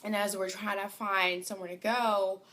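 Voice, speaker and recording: A woman telling a personal story, hesitant and full of fillers, her voice growing softer as she goes. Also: medium pitch, little pitch movement, normal speed. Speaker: vlogger. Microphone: home recording.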